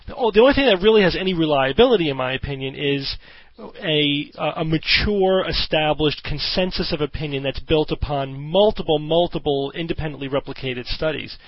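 A man's voice: fairly high pitch, brisk, no room sound. A man hosting a podcast, explaining his views earnestly with hesitant restarts. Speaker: podcast host. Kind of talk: casual discussion. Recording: dull dry audio.

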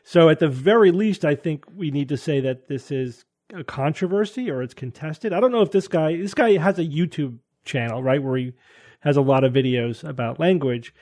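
A man's voice: on the high side, moderate pace, darkish tone. A man hosting a casual panel talk show, thinking aloud and hedging with frequent restarts. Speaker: podcast host.

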